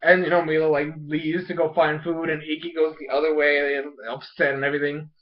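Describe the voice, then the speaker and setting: Young guy, high voice, rambly excitable recap on a dull lo-fi recording; casual and filler-heavy. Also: brisk. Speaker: TV episode reviewer.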